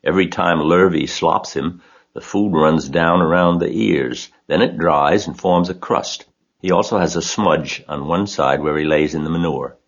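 A man's voice: sits low, moderate pace. A man voicing a determined middle-aged farm wife who speaks firmly and matter-of-factly. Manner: firm, matter-of-fact. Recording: dull lo-fi recording.

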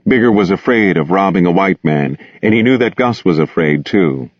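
A man narrating a novel aloud in a steady, measured, grave manner. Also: sits low, no echo. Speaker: audiobook reader. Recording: dull, dry close recording.

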